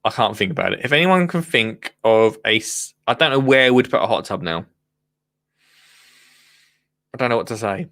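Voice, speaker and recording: A man's voice: medium pitch, lively intonation, moderate pace, long pauses, fairly bright tone. Chatty, rambling male podcast host. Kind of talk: casual live phone-in chat.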